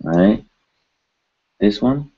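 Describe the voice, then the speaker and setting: A man's voice: fairly low pitch, lively intonation, drawn-out words, warm tone, breathy edge, lo-fi sound. A man teaching pronunciation, patiently repeating each word several times. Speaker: language teacher. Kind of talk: pronunciation lesson.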